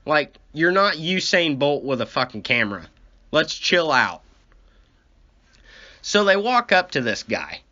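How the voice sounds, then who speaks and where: A man's voice: on the high side, very animated, a little slow, long pauses, sharp tone. A man telling a rambling, profane comic story and complaining as he goes. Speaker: comedy podcast host. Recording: dull lo-fi recording.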